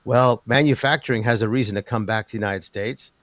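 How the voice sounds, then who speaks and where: An older man, a guest in an interview talking about metals markets, who rambles with an animated delivery, many restarts and laughs. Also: mid-range voice, fast, no echo. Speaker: precious metals commentator.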